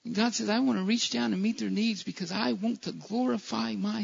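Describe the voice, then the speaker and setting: A man's voice: high-pitched, fairly even intonation, brisk, creaky, husky. A man preaching a sermon in a church, impassioned, often stumbling and restarting his phrases. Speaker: pastor. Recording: dull lo-fi church recording.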